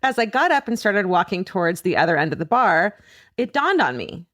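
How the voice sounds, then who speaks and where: Woman podcast co-host, expressive storyteller who reads listener mail, laughs a lot, dry booth sound. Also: mid-range voice, a little fast, no echo. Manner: animated storyteller, laughs often, swears casually. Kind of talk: casual comedic podcast chat.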